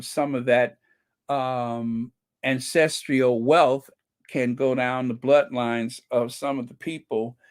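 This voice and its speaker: A man hosting a casual livestream, reading viewer comments aloud slowly and chuckling between them. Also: medium pitch, no echo, studio quality. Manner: slow and chatty, reads comments aloud with frequent "let me see" and chuckles. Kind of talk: casual live-chat commentary.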